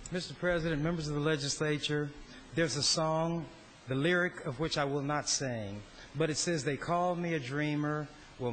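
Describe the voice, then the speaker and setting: A man giving a slow, deliberate, sardonic floor speech as a state senator in a legislative chamber. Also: fairly high pitch, a bit bright, a little hiss or hum, rough recording.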